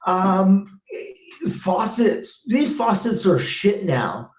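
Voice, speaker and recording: Host, man in his thirties, blunt and fired up, swears freely, slightly high voice, echoey room. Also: sing-song, extremely slow, darkish tone. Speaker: host and former technician. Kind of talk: live Q&A rant.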